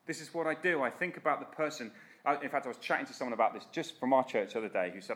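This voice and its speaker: A man's voice: mid-range voice, very fast, fairly bright tone. A man preaching a sermon in an earnest, direct, exhorting way.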